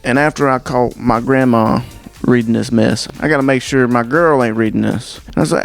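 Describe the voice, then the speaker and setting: A man doing stand-up comedy, his voice gravelly with a rough edge. He rambles through stories in an incredulous, animated way, with faint music playing underneath. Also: mid-range voice, moderate pace.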